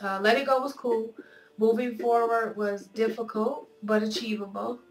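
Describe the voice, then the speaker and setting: A woman's voice: on the high side, steady tone, moderate pace, soft background music. A woman with a nasal voice from a cold, talking earnestly and candidly to her viewers in a personal video blog. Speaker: video blogger. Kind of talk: personal vlog monologue. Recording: roomy echo, voice a bit off-mic.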